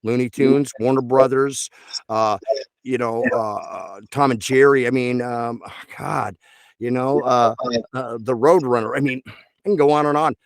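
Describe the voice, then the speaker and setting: Rambling, animated voice actor. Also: male voice, mid-range voice, unhurried, creaky, dry recording. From Texas. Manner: rambling, animated, full of fillers. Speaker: voice actor guest. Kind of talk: casual interview chat.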